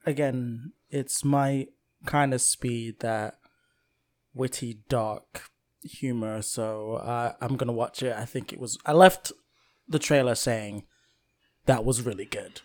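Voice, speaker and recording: A man's voice: mid-range voice, darkish tone. Hesitant young man talking films. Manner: measured, hesitant, lots of fillers. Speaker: podcast co-host. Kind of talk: casual film chat.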